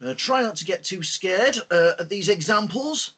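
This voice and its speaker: Man, online lesson host, high-pitched, husky, lively teacher manner. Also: moderate pace. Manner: lively, expressive teacher talk with fillers. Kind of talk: online lesson for school pupils.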